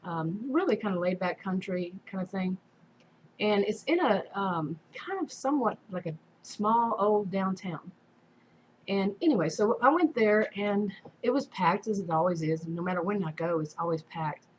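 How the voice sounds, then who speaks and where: A woman's voice: medium pitch, lively intonation, normal speed, a little hiss or hum, low-quality recording. A woman casually telling a personal story in a rambling way, full of fillers and restarts. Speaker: vlogger.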